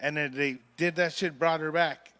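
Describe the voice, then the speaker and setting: Man, podcast guest, high-pitched voice, laid-back, slangy, swears a lot. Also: steady tone, moderate pace, sharp tone, clear, resonant tone, no echo. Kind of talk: casual profane chat.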